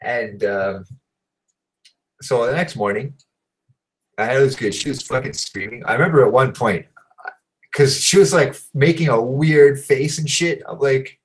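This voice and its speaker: A man's voice: mid-range voice, a little slow, long pauses, poor audio. A man hosting a show, telling a story in a casual, rambling way, swearing often and filling gaps with "like" and "you know". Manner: profane, rambling, heavy fillers. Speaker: show host.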